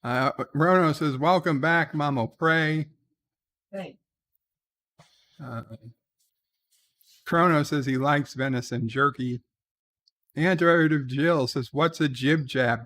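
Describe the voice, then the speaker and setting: A man's voice: mid-range voice, slow, long pauses, fairly bright tone. A man hosting a casual livestream, reading viewer comments aloud and answering them wryly, with lots of "uh" between lines. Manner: reads comments aloud and replies wryly, with many "uh"s. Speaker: livestream host reading chat.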